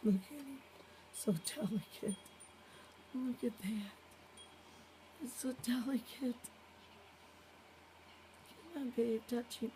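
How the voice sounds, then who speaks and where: A woman's voice: on the high side, slow pace, pauses often, warm tone, slight background noise. A woman filming her pets at home, chatting and coaxing them in a sing-song voice. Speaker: pet owner filming her animals. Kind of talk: casual home video chat.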